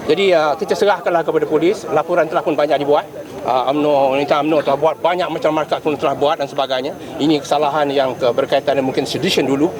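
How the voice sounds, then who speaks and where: A man's voice: on the high side, steady tone, racing. An older man with a Malaysian accent, a retired police chief speaking indignantly to the press outdoors, repeating his points for emphasis. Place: outdoors in a city among a crowd. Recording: outdoor press scrum with crowd noise.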